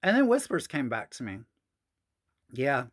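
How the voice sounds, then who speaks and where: A woman's voice: extremely low pitch, very animated, unhurried. A woman telling a personal story on a podcast, frank and profane, with sassy asides.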